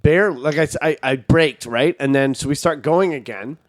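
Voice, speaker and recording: A man swaps stories on a comedy podcast, and his voice sits a little high. He talks with an animated, cursing, self-mocking energy, and the sound is dry and close. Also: moderate pace, dry recording. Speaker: podcast co-host. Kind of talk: casual comedic storytelling.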